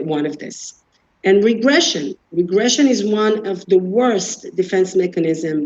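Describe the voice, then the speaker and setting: A woman's voice: mid-range voice, darkish tone. A woman giving an earnest explanatory talk, walking through everyday examples without judging anyone. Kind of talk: explanatory talk on defense mechanisms. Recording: dull lo-fi recording.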